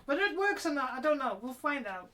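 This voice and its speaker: This woman's voice is high-pitched and fairly bright, with big pitch swings, fast delivery, and a slight hiss or hum in the background. Her accent mixes British and American with traces of Mancunian as she chats casually while working on cosplay during a live stream. She rambles and tends to trail off mid-sentence.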